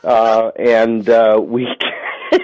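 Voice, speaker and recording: A man's voice: on the low side, little pitch movement, very slow, darkish tone, poor audio. An older man, a guest author, chatting in a jokey, easygoing way with a host. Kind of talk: casual chat as a show guest.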